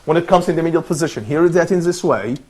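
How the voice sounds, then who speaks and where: A man's voice: fairly high pitch, lively intonation, very fast, a little mellow, slightly rough. A man presenting and teaching a lesson, patient and encouraging, who often repeats his phrases.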